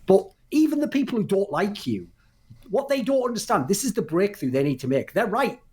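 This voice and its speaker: A man's voice: sits high, very animated, brisk, a little mellow. A man co-hosting a casual esports podcast, talking emphatically and swearing freely as he argues his points. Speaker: podcast co-host.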